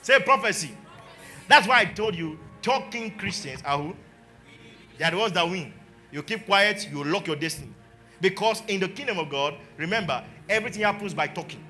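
A man's voice: sits high, animated, fairly quick, soft background music. A man, a pastor preaching a sermon and calling his congregation to repeat declarations after him. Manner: calls the congregation to repeat declarations, swings from quiet talk to shouting.

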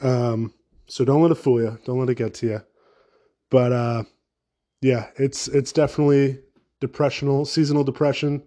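Mellow-voiced man ranting on a podcast. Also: mid-range voice, level tone, moderate pace. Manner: rambling, profane, sarcastic. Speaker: podcast host. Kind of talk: casual solo podcast rant.

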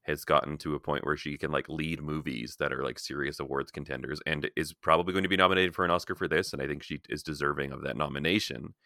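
Man, podcast host, very low voice, forceful and bright, dry close sound, chatty with many fillers. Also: fairly even intonation, quick pace, few pauses, dry recording. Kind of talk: casual film-review chat.

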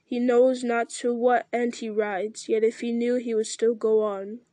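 A woman voicing a noble, weary male ranger-king in a solemn, measured reading with small slips. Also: on the high side, little pitch movement, dark tone, no echo, close to an everyday voice.

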